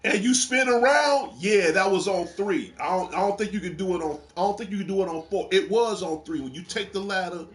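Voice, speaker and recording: His voice sits high and he talks fairly quickly with few pauses. He's hosting a casual gaming chat, animatedly telling wrestling game stories while laughing and swearing freely.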